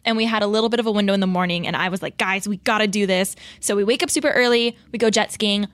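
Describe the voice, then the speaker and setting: A young woman co-hosting a podcast, retelling her travel stories excitedly with lots of "like" and quoted reactions. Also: mid-range voice, racing, dry recording. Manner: excitable, breathless retelling with many "like"s. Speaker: podcast co-host. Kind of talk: casual chat with ad read.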